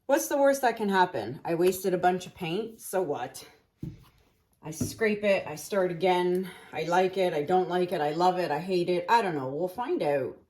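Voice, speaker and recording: A woman's voice: fairly low pitch, darkish tone. Chatty woman painting and thinking aloud. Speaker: acrylic pour artist. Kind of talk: casual talk while painting.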